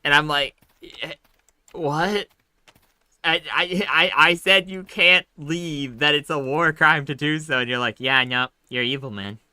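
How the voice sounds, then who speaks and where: A man's voice: a little high, fairly even intonation, unhurried, bright, forceful tone, dry recording. A man casually commenting on his gameplay, slangy and chatty, ranting as he retells arguments. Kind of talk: casual let's-play commentary.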